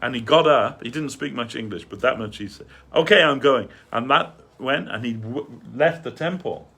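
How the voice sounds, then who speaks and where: A man's voice: medium pitch, normal speed, bright, forceful tone, slightly rough. A man telling a rambling, chatty anecdote during a devotional talk in a temple hall, laughing at his own story. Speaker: speaker giving a devotional talk.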